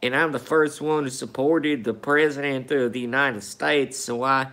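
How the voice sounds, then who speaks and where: A man's voice: medium pitch, steady tone, normal speed, bright, forceful tone, voice pushed up, natural voice. A man putting on a mocking impression of a meek, folksy Southern politician, talking in a whiny Southern US drawl. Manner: mocking, whiny, self-effacing.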